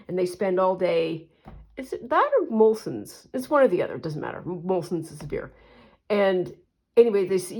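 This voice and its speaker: A woman talking herself through a collage as she works, chatty and unhurried, with quiet murmured asides that pick up when she tells a story. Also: lowish voice. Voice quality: soft, murmuring, often trailing into quiet asides. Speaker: collage artist and channel host. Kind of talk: relaxed craft vlog, thinking aloud while working.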